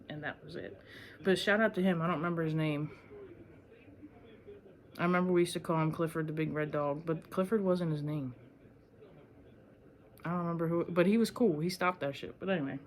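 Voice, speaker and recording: A young woman talks straight to camera in a loose, rambling storytelling vlog. She swears freely and jumps between memories with a lot of fillers, in an unhurried, chatty flow. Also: low-pitched. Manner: rambling, profane, animated storytelling. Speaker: vlogger.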